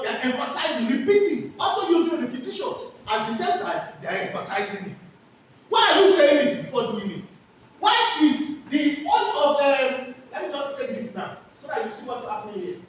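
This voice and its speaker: A woman's voice: sits high, a little hiss or hum. A woman teaching a class, asking questions and answering them herself. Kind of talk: classroom lecture with call-and-response questions. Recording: echoey room, voice from far off.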